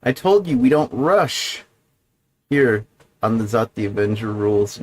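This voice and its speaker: A man's voice: medium pitch, expressive, unhurried, poor audio. A man hosting a livestream, talking alone in a meandering, profane monologue full of digressions. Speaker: livestream host. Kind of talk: rambling solo livestream monologue.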